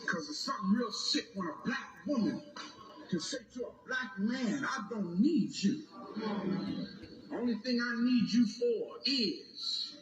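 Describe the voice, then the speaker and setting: High-pitched, slow preaching man. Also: expressive, over music. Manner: reads a text aloud and breaks off to ask the audience questions; swells into shouted emphasis. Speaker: lecturer speaking to a congregation. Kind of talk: impassioned preaching lecture. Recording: echoey room with background noise.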